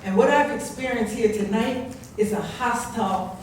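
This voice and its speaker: An older woman speaks out at a council meeting, scolding and impassioned, her fairly high voice turning forceful as she presses her point. She is heard from across a very echoey room. Faint room noise sits under her words. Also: moderate pace. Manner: impassioned, scolding, rising to loud indignation. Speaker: public commenter at council meeting. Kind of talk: public comment speech. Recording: very echoey distant room recording.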